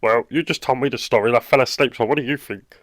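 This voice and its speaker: A man's voice: medium pitch, fast talker, no room sound, close to an everyday voice. A man voicing a blunt, short-tempered dog owner in a cartoon, speaking with a British accent. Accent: British English. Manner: blunt and exasperated. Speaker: cartoon character. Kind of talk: animated comedy dialogue.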